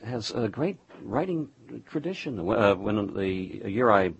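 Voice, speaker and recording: A man interviewing a writer, chatting in a lively way and adding brief remarks. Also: fairly low pitch, a little slow, gravelly, slightly rough. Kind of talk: conversational interview. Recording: dull lo-fi sound.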